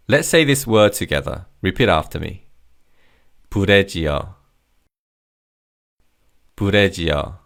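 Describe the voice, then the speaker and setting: A man who grew up in Korea, teaching vocabulary in a scripted lesson and patiently leading repeat-after-me drills. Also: on the low side. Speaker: language teacher.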